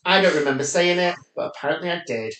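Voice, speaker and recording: A man's voice: high-pitched, animated, quick pace, a bit bright. A man with a Yorkshire accent co-hosting a podcast in casual chat, playful and self-mocking. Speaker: podcast co-host. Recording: roomy echo.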